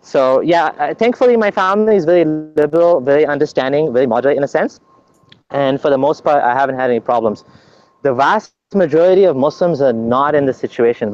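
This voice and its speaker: A man's voice: medium pitch, darkish tone, muffled recording, slight background noise. A man being interviewed as a guest, explaining at length in an earnest, conversational way, often restarting his sentences.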